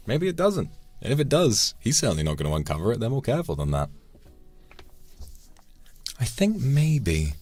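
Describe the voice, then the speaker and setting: Very deep-voiced male streamer. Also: vocal fry, a little mellow, slightly rough. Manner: reflective, thanks viewers by name between musings. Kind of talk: casual live-stream chat. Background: faint background music.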